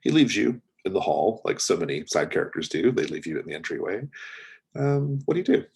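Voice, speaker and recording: A man's voice: sits low, sing-song, fairly quick, gravelly, a little mellow, slightly rough. A man narrating as game master of a tabletop role-playing game, rambling with many fillers and restarts.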